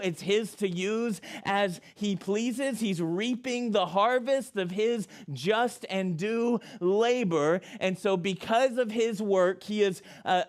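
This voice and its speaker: A man pastor giving a conversational sermon, with quick asides and self-corrections. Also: sits high.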